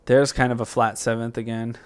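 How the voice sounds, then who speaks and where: A man talks through a music software tutorial in a loose, thinking-aloud way, full of fillers and restarts. His pitch sits in an ordinary middle range. Clear background noise runs beneath his voice. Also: level tone, brisk.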